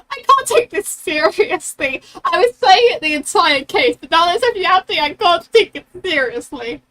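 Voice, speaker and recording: Chatty lady streamer rambling over game music, high voice, bright. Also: sing-song, moderate pace, hardly any pauses. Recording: distant mic with game music.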